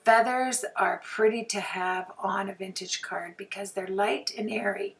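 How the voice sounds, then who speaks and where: A woman with a hoarse, sore throat chatting through a crafting tutorial voice-over, often clearing her throat and apologizing. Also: mid-range voice, measured pace, recorded from a distance. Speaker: card-making crafter.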